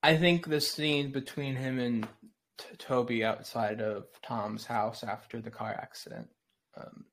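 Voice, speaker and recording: A man on a film podcast, chatting loosely. He stops and restarts often with many fillers, in an even mid-range voice. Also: mid-range voice, a little slow. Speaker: podcast host. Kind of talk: casual film chat.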